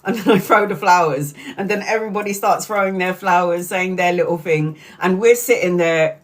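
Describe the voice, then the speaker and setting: A woman's voice: lowish voice, normal speed. Middle-aged woman, live-stream chat, swears a lot, laughs often, casual storytelling. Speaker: tarot reader streamer.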